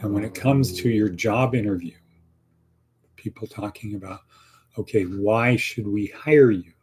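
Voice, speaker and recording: A man's voice: fairly low pitch, a little slow, a little mellow, a little hiss or hum. A middle-aged man teaching a casual class, coaching students on job interviews and acting out sample answers, repeating lines for emphasis. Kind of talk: casual online lesson.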